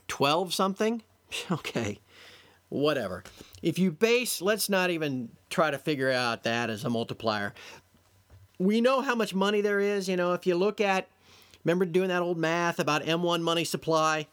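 A man's voice: fairly high pitch, big pitch swings, moderate pace, a bit bright. A man hosting a solo podcast, delivering an exasperated, sarcastic lecture to his listeners. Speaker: podcast host. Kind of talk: solo commentary monologue.

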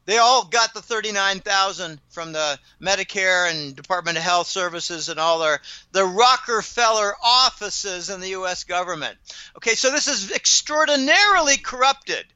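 A man's voice: high voice, animated, normal speed, sharp tone, clean tone, dry recording, highs cut off. A man telling stories in an indignant, rambling monologue, often stumbling and repeating words. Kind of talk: casual ranting monologue.

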